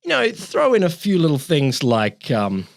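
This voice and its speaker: A man co-hosting a casual podcast, explaining history in an animated way, swearing casually and often restarting his sentences. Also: a little high, normal speed, vocal fry, no room sound, clean studio sound.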